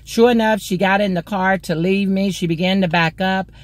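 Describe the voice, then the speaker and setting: A woman from Mississippi, a motivational speaker and ordained minister, telling a personal testimony in a slow, deliberate way. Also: mid-range voice, steady tone, dry recording.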